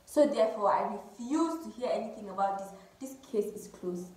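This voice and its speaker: A woman's voice: medium pitch, animated, moderate pace, darkish tone. A woman telling a personal story to her viewers in a chatty way, repeating words and calling them girls. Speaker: vlogger. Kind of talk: casual storytime monologue. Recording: very echoey room.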